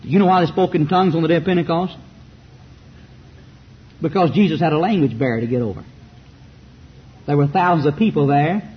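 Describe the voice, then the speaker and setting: A man's voice: fairly high pitch, fairly quick, pauses often, breathy edge. A man with a Southern US accent preaching a fiery sermon full of rhetorical questions and mocking asides. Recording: muffled recording with faint background hiss.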